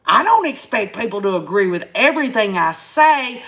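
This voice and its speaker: A woman in her fifties, hailing from Tennessee, runs a casual YouTube live stream and rants to her viewers in a Southern accent full of country sayings. Her medium-pitched voice is sing-song and a bit bright, at a normal speed.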